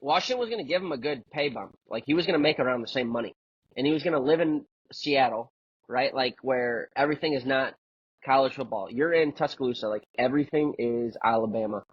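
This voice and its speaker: A man's voice: medium pitch, a little fast, husky, no room sound, lo-fi sound. A man co-hosting a casual sports podcast, talking in a rambling way full of filler words. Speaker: podcast co-host.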